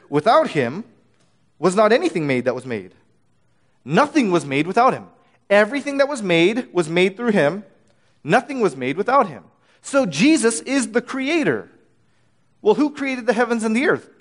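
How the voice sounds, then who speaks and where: A man teaching through a Bible passage, earnest and repeating key phrases for emphasis, often restarting his words. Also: high-pitched. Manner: frequent restarts and stammered words.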